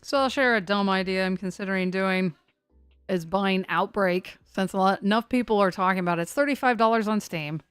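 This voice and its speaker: A woman's voice: medium pitch, fairly quick, clear, resonant tone, no room sound, faint music behind. A woman hosting a severe weather live stream, chatting loosely and poking fun at herself as she talks to her chat. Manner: rambling and self-mocking, talks to chat.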